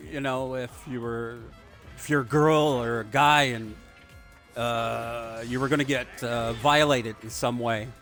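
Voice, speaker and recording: A man's voice: medium pitch, a bit bright. A man giving rambling, crude, digressive commentary while he plays a video game. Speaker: gaming video host. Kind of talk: rambling let's play commentary.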